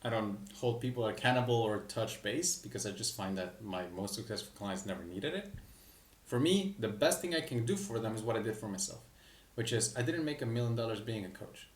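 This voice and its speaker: A man's voice: lowish voice, expressive, fairly quick. A man, a business coach, explaining ideas in a candid, casual way with self-deprecating asides. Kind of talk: casual talking-head explanation. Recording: echoey room, mic at a distance.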